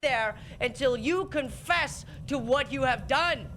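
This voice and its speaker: A woman's voice: high voice, lively intonation, takes it slowly, a bit bright, a little hiss or hum. A woman making a call-out video, lecturing and confrontational toward another creator.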